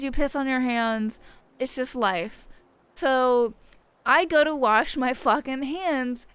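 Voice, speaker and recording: A woman's voice: fairly high pitch, a bit bright, clear, resonant tone, low-quality recording. A young woman streamer telling a rambling, profane story in casual chat, often laughing. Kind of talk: casual chat while gaming.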